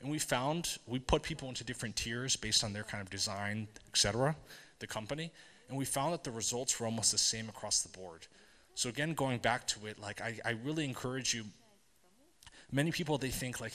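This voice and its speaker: A man's voice: medium pitch, a little fast, bright, forceful tone. Man telling stories on stage in a reverberant hall. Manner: conversational, keeps checking in with "right?"; asks the audience questions. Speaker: speaker at a tech event. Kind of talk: storytelling conference talk.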